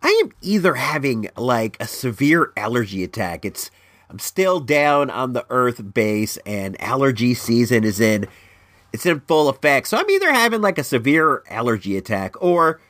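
Stuffed-up, rambling man with swooping pitch. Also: sing-song, moderate pace, fairly bright tone, no echo. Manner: rambling, repeats words, swings high and low. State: stuffed-up nose from allergies. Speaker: podcast host. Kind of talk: casual solo chat. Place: at home in California.

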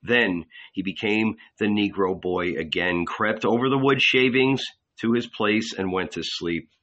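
A man narrating literary fiction in a measured, deliberate voice. His pace is very slow and unhurried, and the recording has a dull, lo-fi quality. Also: lowish voice, fairly bright tone. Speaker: audiobook narrator.

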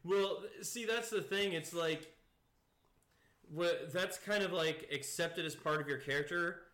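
A man's voice: fairly high pitch, a little slow, bright, forceful tone, roomy sound. A young man co-hosting a podcast, chatting casually, rambling with lots of fillers and laughing often. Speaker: podcast co-host. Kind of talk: casual chat.

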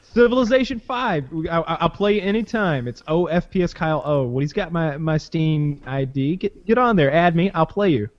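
A man's voice: fairly high pitch, lively intonation, moderate pace, dull audio. A man co-hosting a casual podcast, teasing and playful with crude jokes. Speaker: podcast co-host.

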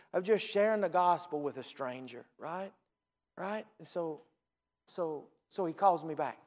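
Folksy pastor preaching in a reverberant hall. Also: male voice, sits high. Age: 40s. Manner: folksy storytelling, acts out phone calls, rises to loud preaching. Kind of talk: sermon.

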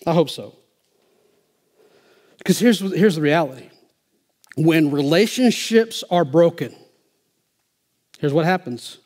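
A male pastor preaching a sermon, emphatic and swinging from quiet asides to loud, driving lines. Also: on the high side, animated, takes it slowly, pauses often.

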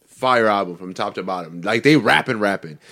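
A man's voice: lowish voice, expressive, a little fast, fairly bright tone. A young man co-hosting a podcast, chatting in a loose, laid-back way and swearing freely. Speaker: podcast co-host. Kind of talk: casual chat.

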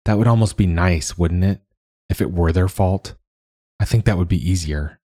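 A man reading a quiet, earnest young girl's lines in an audiobook, soft and hesitant. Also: deep voice, normal speed.

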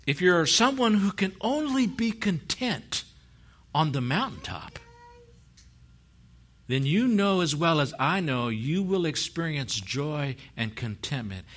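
Lively preaching man, bright tense voice. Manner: storytelling, swinging from low and soft to loud and high; laughs often. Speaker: pastor. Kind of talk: sermon.

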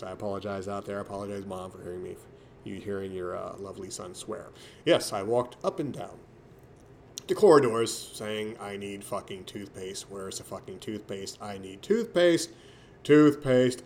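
A man vlogging a rambling, casual story, his delivery swinging from mumbled asides to sudden loud jumps. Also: fairly low pitch, slight background noise.

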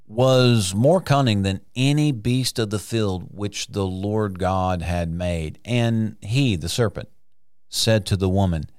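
A man's voice: lowish voice, darkish tone, smooth, no room sound. A man teaching the Bible on a podcast, sermon-style, emphatic, asking rhetorical questions and stretching out key words, recorded in a studio.

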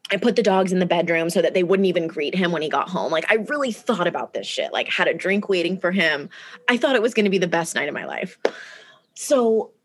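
Woman, storyteller in casual chat; animated, acts out quotes. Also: on the low side, fairly quick. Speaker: guest telling a personal story.

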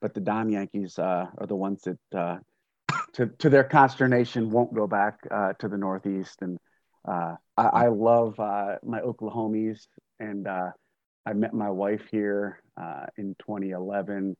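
Earnest, halting host with a low voice. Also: male voice, fairly even intonation, a little mellow, dry recording. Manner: halting, earnest, many fillers and restarts. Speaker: podcast host. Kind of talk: casual interview chat. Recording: dull, dry lo-fi sound.

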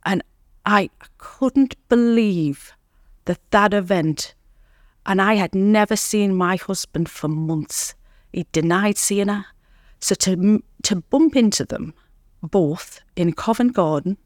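A woman guest in an interview, telling her recovery story in an earnest, reflective way with pauses. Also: medium pitch, dry recording, clean studio sound. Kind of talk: candid interview talk.

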